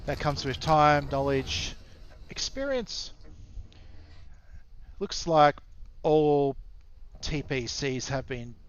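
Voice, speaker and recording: An Australian man commenting casually on a strategy game match, rambling and halting with frequent fillers. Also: on the high side, clean tone, dry recording. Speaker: esports caster.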